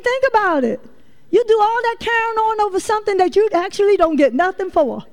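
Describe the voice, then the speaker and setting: High-voiced woman preaching a lively sermon. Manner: lively folksy storytelling, addresses the congregation directly.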